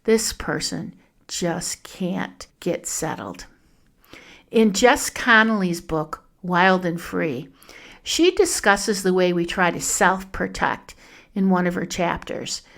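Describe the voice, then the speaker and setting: A woman hosting a devotional podcast, sharing gentle, reflective musings and addressing listeners as friends. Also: on the low side, animated, slow, vocal fry. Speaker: podcast host.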